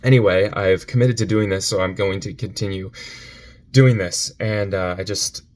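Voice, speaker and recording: A man giving a confessional vlog on his phone, upset and near tears, speaking haltingly and repeating himself between sighs. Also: low voice, steady tone, darkish tone. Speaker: vlogger.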